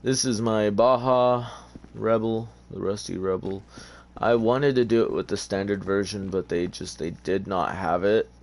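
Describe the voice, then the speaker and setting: In a lowish, slightly mellow voice, a man speaks a little slowly with few pauses during casual car-game commentary. The gaming YouTuber has just woken up and drifts along sleepily, using many fillers.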